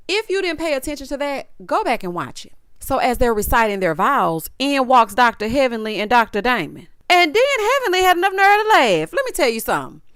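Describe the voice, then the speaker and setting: A woman's voice: fairly high pitch, a bit bright, clean tone, no echo, studio quality. A woman giving a sassy, opinionated recap of a reality show and talking straight to her viewers. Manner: sassy, talks to viewers directly, acts out cast members' lines.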